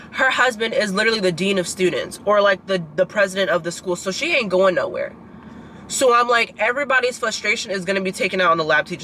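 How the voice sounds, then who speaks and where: A woman's voice: medium pitch, bright, forceful tone, a little hiss or hum, low-quality recording. A 22-year-old woman in a casual vlog, ranting in frustration straight to her viewers and leaning on lots of "like" and "girl". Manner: filler-heavy, keeps saying "like" and "girl". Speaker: vlogger and student.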